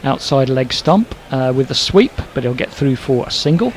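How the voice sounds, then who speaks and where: A man's voice: medium pitch, lively intonation, slight background noise, poor audio. A man from Northern Ireland with a Northern Irish accent, commentating ball by ball on a cricket match and trading dry jokes between deliveries. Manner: brisk play-calling mixed with dry jokes. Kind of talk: live cricket commentary with banter.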